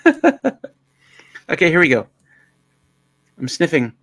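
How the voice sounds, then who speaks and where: A man co-hosting a casual livestream, joking and telling stories in a lively way. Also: medium pitch, normal speed, no room sound. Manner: joking, storytelling, animated. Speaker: livestream co-host.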